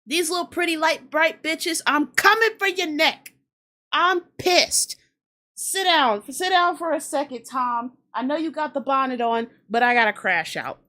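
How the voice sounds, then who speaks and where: High, bright-voiced woman ranting. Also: a little slow. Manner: profane, blunt, ranting; emphatic, repeats lines for effect. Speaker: host of a hip-hop commentary show. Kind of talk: casual commentary rant.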